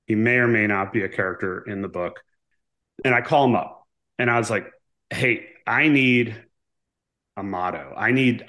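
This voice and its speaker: A man's voice: mid-range voice, a bit bright. A man in his forties, a guest author, telling a story in a casual interview, acting out quoted dialogue and often checking in with "right?". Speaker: guest, author and former navy pilot.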